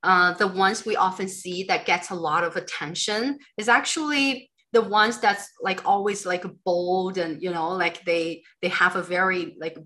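A woman's voice: mid-range voice, bright, forceful tone. A woman hosting a livestream interview, framing her questions hesitantly with many fillers. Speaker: interviewer, host.

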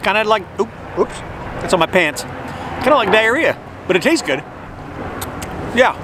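A man's voice: high voice, expressive, normal speed. Chatty man reviewing food outdoors. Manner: rambling, chatty, jokey asides. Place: outdoors by the water, sitting near a road. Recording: outdoor traffic and vehicle noise.

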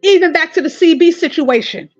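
A woman giving casual commentary, telling stories in a lively way and speaking directly to her viewers. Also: extremely high pitch, fairly quick, dry recording, lo-fi sound, soft background music. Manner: animated storytelling, addressing viewers as "y'all". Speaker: online commentator.

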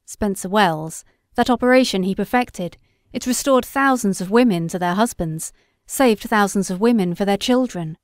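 An earnest young Victorian gentleman scientist pleads in a low, quiet voice, as a woman reader puts him on. The storybook reading is dry and close, with no room around it. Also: normal speed, few pauses, no echo, close to an everyday voice. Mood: earnest pleading.

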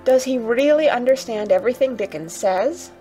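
A woman voicing a sickly, eager and wondering boy, exclaiming in a high, delighted, breathless way. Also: animated, moderate pace, dark tone, soft background music, lightly acted, poor audio. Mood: wistful.

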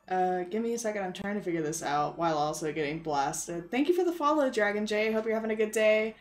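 A woman's voice: mid-range voice, lively intonation, quick pace, few pauses. A woman streaming a video game live, chatting casually, reading chat aloud, laughing and swearing.

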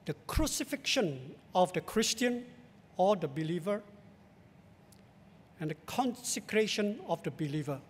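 Male Singaporean pastor, high voice, measured emphatic sermon in a church. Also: big pitch swings, a little hiss or hum. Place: large church sanctuary. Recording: long church hall reverb.

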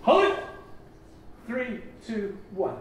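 High-voiced man in an echoey hall. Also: extremely slow, a little hiss or hum. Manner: energetic, coaxing, theatrical, laughs often. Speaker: plenary speaker leading a voice warm-up. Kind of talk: leading a group vocal exercise at a conference. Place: large conference hall. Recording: very echoey hall, mic far off.

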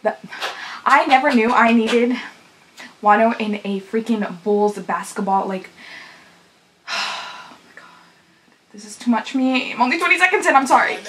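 A woman's voice: a little high, pushed and bright, rough recording. Gushing young woman squealing over idols. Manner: gushing, squealing, breathless fangirling. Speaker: YouTube reaction host. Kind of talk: excited fan reaction vlog.

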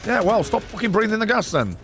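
A man streaming a co-op shooter with friends, swearing, shouting and ranting in exasperation. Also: high-pitched, very animated, fast talker. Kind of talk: loud excitable gaming banter. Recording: game music behind.

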